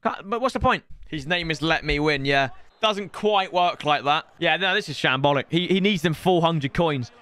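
High bright-voiced streamer. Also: male voice, normal speed. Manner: exasperated, ranting. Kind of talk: live gameplay streaming commentary.

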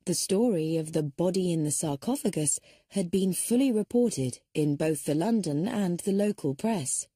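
A woman reads an audiobook aloud in a lowish, mellow voice with a slight husky edge. She narrates steadily and shifts her pitch for the characters. The recording is dry and close, with no room sound. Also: lively intonation, normal speed, no room sound.

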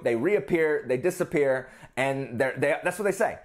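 A man talks through a casual book review on his vlog in a rambling, animated way. His voice sits a little high for a man. His pitch swings widely as he explains. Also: moderate pace, few pauses.

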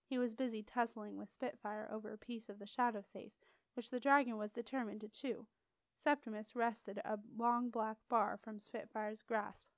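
Expressive woman audiobook reader, higher voice, very dry close sound. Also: no echo. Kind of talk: storybook narration.

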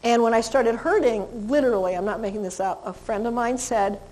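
A middle-aged woman lectures on dog behavior in a chatty, laughing way, slipping into quick voices for dogs and owners. Her voice sits a little high for a woman. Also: a little mellow, rough recording.

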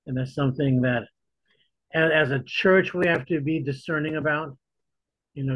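A man with a mid-range, slightly rough voice leads a church Bible study in a conversational style, often repeating words as he restarts his sentences. The recording is dull, lo-fi and dry, with no echo.

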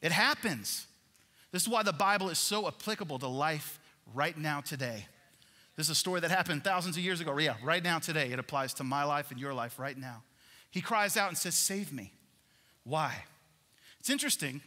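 Guy preaching a sermon, kinda high bright voice, big echoey church hall. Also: moderate pace. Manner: animated, asks the congregation questions. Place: large church worship center. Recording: long hall reverb in a church.

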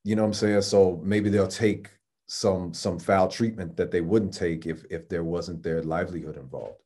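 Deep-voiced man speaking frankly on a panel. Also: fairly even intonation, moderate pace, mellow, breathy edge. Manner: frank, conversational, keeps checking in with listeners. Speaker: adult film performer on a panel. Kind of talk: panel discussion.

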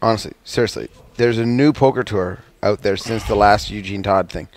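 A man's voice: lowish voice, normal speed, slight background noise. A man co-hosting a radio talk show, trading self-mocking, profane banter. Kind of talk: casual banter.

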